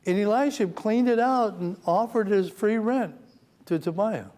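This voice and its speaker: A man teaching a Sunday school lesson in a church, reading scripture slowly and turning low and somber as he presses his point. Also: a little mellow. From United States. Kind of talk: Bible teaching sermon.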